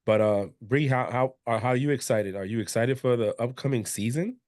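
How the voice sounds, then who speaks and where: A man's voice: medium pitch, fairly quick, no room sound, clean studio sound. Casual man hosting a sports podcast. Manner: relaxed, conversational, trailing restarts. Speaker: podcast host.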